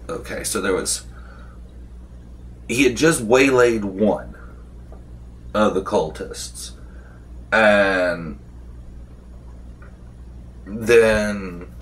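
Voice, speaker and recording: Young guy slowly rambling thru his tabletop game recap, lowish voice, lots of ums and restarts. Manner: rambling, with many fillers and restarts; acts out the game master's and players' lines. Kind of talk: casual recap.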